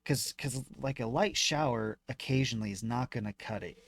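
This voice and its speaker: A man's voice: medium pitch, moderate pace, creaky, hardly any pauses, no room sound. A man streaming a video game, reading its text aloud and chatting casually about what he reads while he works through puzzles. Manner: reads on-screen text aloud, then chats back. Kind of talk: casual let's-play commentary.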